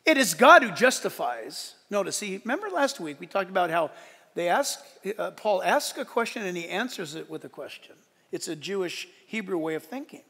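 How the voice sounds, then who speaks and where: Animated man preaching in a reverberant hall. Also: high voice, normal speed, breathy edge. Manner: animated and emphatic, swinging between shouts and soft asides. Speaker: pastor. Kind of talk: sermon. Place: church sanctuary. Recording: large hall with long reverb.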